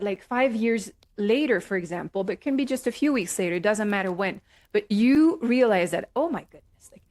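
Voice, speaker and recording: Woman coach, middle-aged, gentle and reflective, casual advice talk, mid-pitched voice. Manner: gentle, reflective, many "right?" and "um" fillers. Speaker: life coach.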